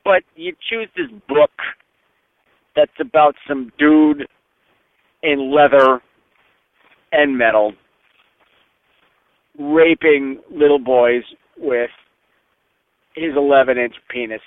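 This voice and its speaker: A man's voice: a little high, animated, slow, long pauses, no room sound. A man leaving a sarcastic, profane, mocking voicemail for a podcast. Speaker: voicemail caller. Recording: tinny phone line, dry.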